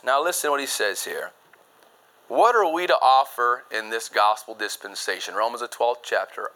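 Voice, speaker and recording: A man preaching a sermon, emphatic, jumping from loud high points to low quiet asides, and reading scripture fast in old-fashioned phrasing. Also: lively intonation, poor audio. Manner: reads scripture in fast King James phrasing.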